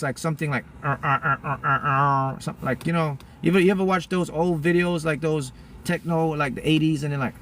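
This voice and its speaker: A man's voice: fairly high pitch, a little hiss or hum. A man talking casually to his viewers as a spiritual mentor, rambling and often breaking off to restart his sentences.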